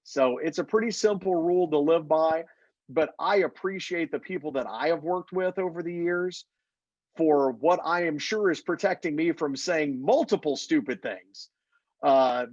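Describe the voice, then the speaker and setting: Heard in a dry, lo-fi recording, this Missouri-born play-by-play announcer has a voice on the high side and talks at a moderate pace. In casual interview chat, he tells lively stories and voices the characters' quotes.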